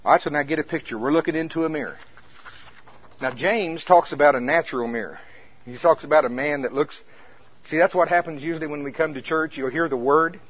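Folksy husky-voiced man preaching. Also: a little high, fairly quick. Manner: folksy, conversational. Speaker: pastor. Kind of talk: sermon with storytelling. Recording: muffled lo-fi recording.

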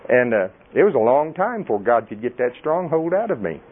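Folksy preacher on tinny audio. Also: male voice, medium pitch, brisk, breathy edge. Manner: folksy and animated, laughing often. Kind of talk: sermon.

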